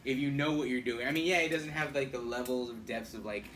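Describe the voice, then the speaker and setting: A man's voice: mid-range voice, quick pace, fairly bright tone. A man co-hosting a podcast, rambling and hesitant, stumbling through restarts. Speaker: podcast co-host. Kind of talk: casual chat. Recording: distant mic with faint noise.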